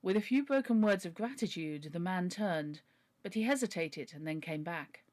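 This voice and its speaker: A woman reading a classic novel aloud for a book club, narrating in a measured way. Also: lowish voice, expressive, a little mellow.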